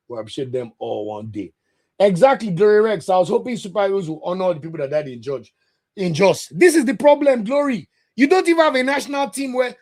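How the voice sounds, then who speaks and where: A football podcast host in full rant mode, his voice sitting noticeably high for a man. He talks straight to his live chat with blunt, heated conviction and a preacher-like rhythm. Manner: passionate, blunt, addresses chat directly; sermon-like delivery. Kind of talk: live watch-along commentary and rant.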